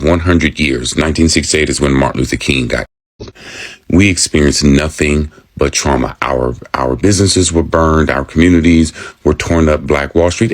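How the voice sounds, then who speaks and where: A man from the American South, giving an earnest video monologue and building a steady argument. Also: a bass voice. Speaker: social media commentator.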